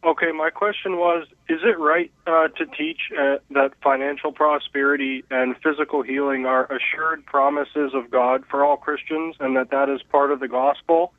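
Male radio caller, polite and a bit halting, slightly higher voice, thin phone-line audio. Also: fairly even intonation, no room sound. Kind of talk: call-in question on radio.

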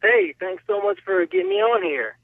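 A man's voice: high voice, huge pitch swings, moderate pace, vocal fry, no echo. A man calling in to a radio show, explaining his view earnestly over a tinny phone line. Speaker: caller. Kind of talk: radio call-in talk.

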